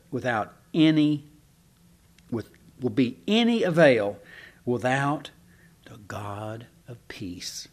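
A man preaching a conversational sermon, folksy and chatty, asking the congregation questions and restarting his sentences. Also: a little high. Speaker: pastor.

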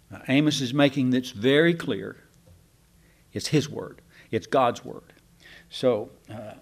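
Folksy man teaching scripture. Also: a little high. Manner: folksy, rambling, with many restarts and asides to the class. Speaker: preacher teaching a Bible class. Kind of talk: casual Bible teaching.

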